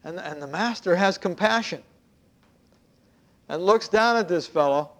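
A man preaching a sermon, telling a parable conversationally with hushed asides. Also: high-pitched, animated, measured pace. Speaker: pastor.

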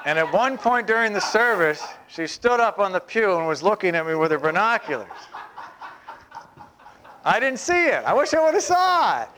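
A man preaching a sermon as pastor, chatty, with humorous asides, and slowing down to stress key phrases. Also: a little high, lively intonation, background noise.

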